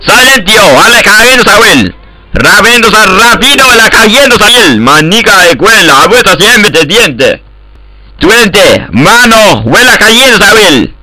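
A man voicing a brash, loud male ranch hand who shouts crude outbursts in a game chat. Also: high-pitched, very animated, measured pace, exaggerated voice, rough recording. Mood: raucous shouting.

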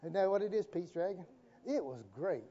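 A man's voice: high voice, lively intonation, moderate pace, mellow. A man preaching a sermon as the pastor, folksy and joking, calling on the congregation to repeat after him. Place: church sanctuary. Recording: dull, reverberant live church stream.

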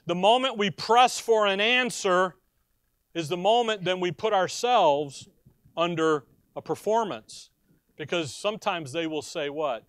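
A male pastor in a church preaches a sermon to his congregation, asking them questions and sharing personal stories in an animated way. His voice sits high, with no echo and studio-quality sound.

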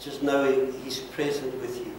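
A man's voice: medium pitch, level tone, moderate pace, darkish tone. A man in the role of pastor leads an altar call, earnest and pleading as he repeats short blessings. His voice is heard from a distance in a very echoey church sanctuary, with faint room noise underneath.

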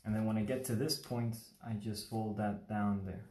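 A man from Mexico talks casually through a paper-folding tutorial on a livestream, chatty and prone to rambling asides. His voice sits low and mellow. The room around his mic is echoey. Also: flat delivery, normal speed. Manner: rambling, chatty, asks the viewer questions. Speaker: origami instructor. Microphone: livestream phone or webcam mic.

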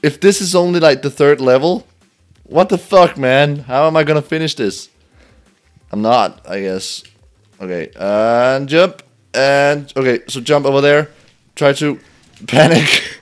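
A man's voice: mid-range voice, measured pace, soft background music. A young man giving let's play commentary, laughing often, swearing and yelping in frustration as he plays. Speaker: gameplay commentator.

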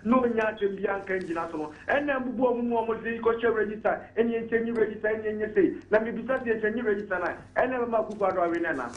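A man's voice: sits high, roomy sound, rough recording. A man with a Ghanaian accent calling in to a radio talk show, arguing emphatically and mixing Twi and English. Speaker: caller. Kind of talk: radio call-in commentary.

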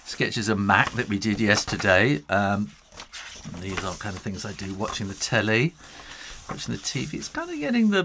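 Male host for a casual live drawing tutorial; lively, wide-ranging delivery, rambles and laughs lightly. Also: on the low side, creaky, a little hiss or hum. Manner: chatty and rambling, with self-interruptions; laughs lightly while talking. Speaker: illustrator drawing live for viewers.

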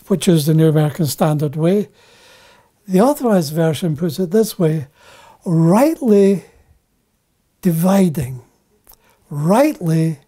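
Man preaching a bible lesson real slow, mellow warm voice, keeps repeating the key words. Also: sits high. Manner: deliberate, repeats key phrases for emphasis. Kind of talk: Bible teaching sermon.

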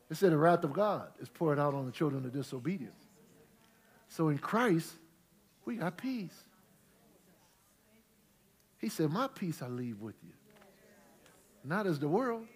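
High-voiced preacher, shouting praise. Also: male voice. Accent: St. Louis Black American Southern-tinged. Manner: swings from quiet storytelling to loud shouted praise. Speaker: pastor. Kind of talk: preaching a Bible study sermon. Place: church sanctuary with congregation.

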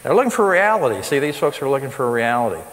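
A man's voice: mid-range voice, sing-song, fast talker, a bit bright. Guy preaching healing seminar, punchy emphatic delivery, big hall reverb. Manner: emphatic, rising to stress points. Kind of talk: sermon. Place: school hall with live audience. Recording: long reverb of a large hall.

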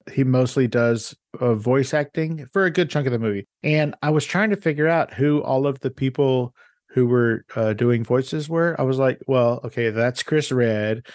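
Enthusiastically recommending shows to his audience, this man hosts a relaxed, chatty podcast. He has a medium-pitched, somewhat dark voice, recorded cleanly in a studio with no echo.

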